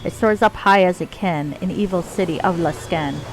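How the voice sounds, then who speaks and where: A crazed male cultist from a fantasy game rattles off his answers in sing-song couplets, his grammar broken like a simple goblin's, as a woman puts on his voice. The delivery sits low and drawn out, and faint music plays underneath. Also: moderate pace, close to an everyday voice, poor audio. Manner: speaks in singsong rhymes with broken grammar.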